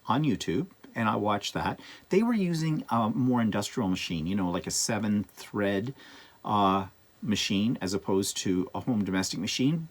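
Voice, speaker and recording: A man chatting casually to camera about his quilting projects, rambling with asides and fillers. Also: medium pitch. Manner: rambling, lively, with many ums and asides. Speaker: quilting vlogger.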